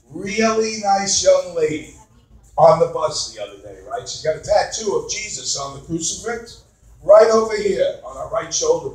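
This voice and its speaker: Brash stand-up comic, man over fifty, crude and loud, high animated voice, far mic in an echoey club. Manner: brash, crude, shouts punchlines. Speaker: stand-up comedian. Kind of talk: stand-up comedy set. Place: comedy club. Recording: echoey club recorded from afar.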